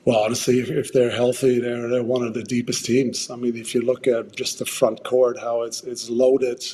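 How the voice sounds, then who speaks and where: A man answering in an interview clip, halting and repeating words. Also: medium pitch, level tone, warm tone, slight background noise.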